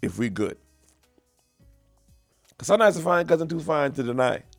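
A young man doing a stand-up comedy routine, animated and slangy, on a stage microphone. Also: on the high side, moderate pace, no echo, soft background music. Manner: animated, repetitive, slangy storytelling.

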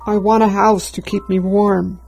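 A woman's voice: medium pitch, level tone, normal speed, creaky, a little mellow, close to an everyday voice. A woman reading a storybook, voicing a boy who grows into a weary old man, in a plain, tired way. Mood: wanting.

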